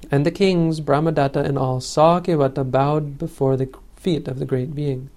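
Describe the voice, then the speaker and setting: Mellow-voiced man reading an old legend. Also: on the high side, steady tone, normal speed. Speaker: storyteller.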